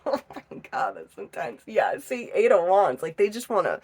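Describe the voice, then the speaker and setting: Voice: mid-range voice, big pitch swings, normal speed, husky. A tarot reader giving a casual reading into a phone, chatty and profane, laughing often.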